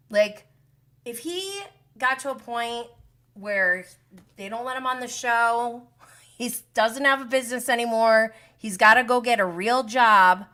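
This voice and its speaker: A woman hosts a casual live-stream gossip recap, talking fast and freely. Her voice is bright and sharp. She is animated and sarcastic, with exasperated asides throughout. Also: a little high.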